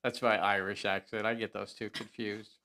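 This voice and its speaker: Gravelly playful man hosting a game. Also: on the low side, little pitch movement, normal speed, sharp tone, slight background noise. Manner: playful, goofy, announcer-style roll calls. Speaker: host running a tabletop game. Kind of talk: live game show banter.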